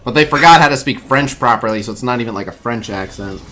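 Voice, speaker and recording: A man's voice: medium pitch, fast, bright, forceful tone. A man streaming a mobile game, chatting casually in a blunt, joking way and swearing freely.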